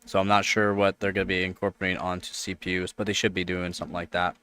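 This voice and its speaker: A man's voice: low voice, level tone, quick pace, bright, forceful tone, slight background noise. A man with a Canadian accent, hosting a live stream and chatting casually, rambling and repeating points for emphasis. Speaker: livestream host.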